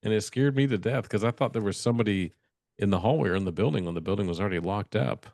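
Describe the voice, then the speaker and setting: A man's voice: on the low side, fast talker, creaky, a little mellow, no room sound, clean studio sound. A man co-hosting a podcast, telling a spooky story in casual chat and acting out the dialogue with animation. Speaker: podcast co-host.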